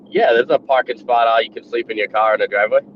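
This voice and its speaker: A man's voice: medium pitch, fast, a little hiss or hum. A man with a Boston accent, a panel guest in casual podcast chat, blunt and joking. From New England, US. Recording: dull lo-fi stream audio.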